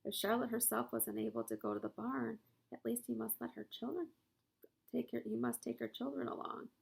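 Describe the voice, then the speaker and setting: Woman reader, children's book chapter, fairly high, very gravelly and husky. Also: fairly even intonation, a little fast. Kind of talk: reading a children's novel aloud.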